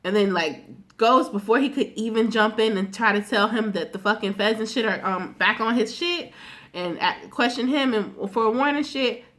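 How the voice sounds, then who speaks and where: A woman's voice: on the high side, normal speed. Woman casually recapping a TV episode. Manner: animated retelling, acting out characters' lines; heavy slang and swearing. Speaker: TV recap vlogger.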